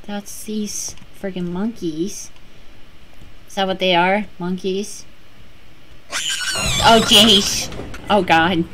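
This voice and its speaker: A woman's voice: medium pitch, fairly even intonation, extremely slow, long pauses, slight background noise, poor audio. A woman gamer commentating her horror game run, panicking, screaming and swearing a lot. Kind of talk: let's play commentary. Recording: game music playing loudly behind.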